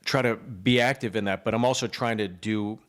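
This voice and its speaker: Low-voiced, easygoing man. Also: fairly even intonation, a little fast. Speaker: podcast co-host. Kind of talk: casual podcast chat.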